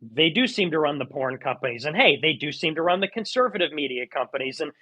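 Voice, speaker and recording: High bright-voiced man ranting sarcastically. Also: animated, fast talker. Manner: sarcastic and mocking, with theatrical outbursts. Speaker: streamer. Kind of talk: live audio chat rant.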